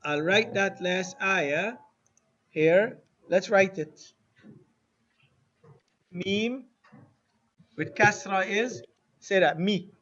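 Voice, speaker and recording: Slow, questioning Arabic teacher, lo-fi. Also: male voice, sits high, a bit bright. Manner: slow, asks students questions and has them repeat words. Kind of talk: classroom lesson. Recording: dull lo-fi classroom recording with faint noise.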